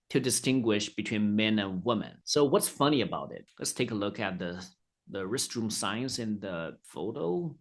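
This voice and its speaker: A man from China teaching a casual online Chinese lesson in a chatty, friendly way, slowing down to say the Chinese words. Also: fairly low pitch, creaky.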